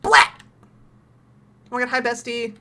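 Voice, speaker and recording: A young woman streaming a horror game, excitable, laughing often and swearing casually. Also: fairly high pitch, measured pace, noisy background. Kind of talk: casual gameplay commentary.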